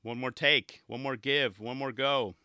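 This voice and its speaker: A man hosting a show, chatting casually and excitedly as he reviews skate video clips, often restarting his sentences and laughing. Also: medium pitch, measured pace, clear, resonant tone, no room sound, studio quality.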